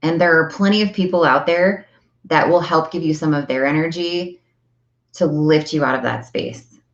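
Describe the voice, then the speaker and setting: A middle-aged woman with a low voice coaching her viewers in a chatty, earnest way, often repeating phrases to drive a point home. The sound bounces around a reverberant room. The recording is a bit dull and muffled. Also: normal speed. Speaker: self-help coach. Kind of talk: motivational talk to viewers.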